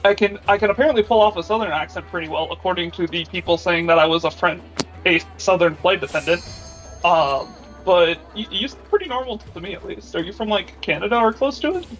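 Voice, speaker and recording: A man's voice: sits high, a little fast, a bit bright, faint music behind, rough recording. A man from Wisconsin with a Wisconsin accent, chatting in game voice chat in a rambling, joking, self-deprecating way. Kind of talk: gaming voice chat.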